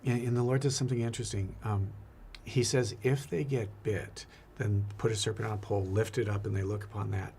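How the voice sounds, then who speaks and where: A man's voice: fairly low pitch, fairly even intonation, a little fast, hardly any pauses, dark tone, a little hiss or hum. A man, a priest, talking earnestly and reflectively in a casual faith conversation, often repeating his words.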